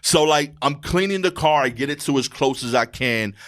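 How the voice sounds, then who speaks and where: A stand-up comedian from Brooklyn, New York, holds forth as a podcast guest in a casual chat, telling an animated story in street slang and acting out the quoted exchanges between characters. At normal speed, his voice climbs high and loud, then sinks low and quiet toward the end.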